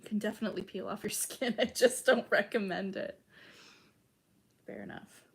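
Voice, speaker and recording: A woman's voice: mid-range voice, moderate pace, gravelly, breathy edge. A young woman from Chicago chatting casually with her stream's chat, full of "like" and casual swearing. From Chicago, United States.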